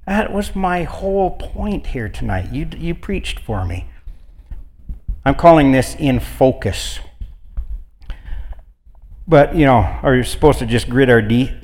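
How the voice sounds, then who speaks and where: A man's voice: medium pitch, expressive, slow, pauses often, a little mellow, big-room sound. A man preaching an informal sermon, telling stories in a folksy, conversational way. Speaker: guest preacher.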